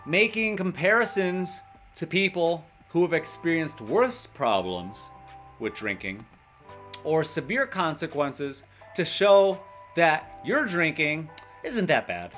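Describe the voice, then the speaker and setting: A man's voice: fairly high pitch, fairly bright tone. A man hosting a casual livestream, reading a list aloud, laughing often and chatting with viewers. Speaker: livestream host in recovery.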